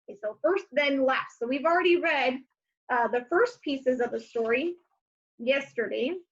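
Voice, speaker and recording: A woman teacher giving a recorded lesson, saying each word slowly and clearly for young learners. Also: sits high, dull audio.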